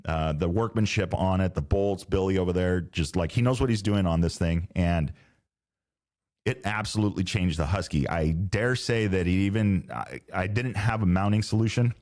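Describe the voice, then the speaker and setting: Low-voiced rambling man hosting a podcast. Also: darkish tone. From Southern California. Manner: rambling, self-correcting, laid-back slang. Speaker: podcast host. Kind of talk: casual solo podcast chat. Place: home podcast studio.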